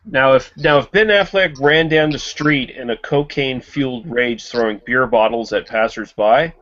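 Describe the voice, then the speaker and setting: A man's voice: mid-range voice, moderate pace, fairly bright tone. Male panelist, wry, rambling delivery; dull lo-fi call audio. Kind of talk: casual panel chat.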